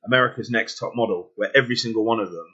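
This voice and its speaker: A man's voice: lowish voice, very fast, pushed and bright, slightly rough, lo-fi sound. An English man co-hosting a podcast in casual chat, talking in rambling stretches with jokey asides and restarts. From England. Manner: chatty, self-interrupting, jokey asides. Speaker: podcast co-host.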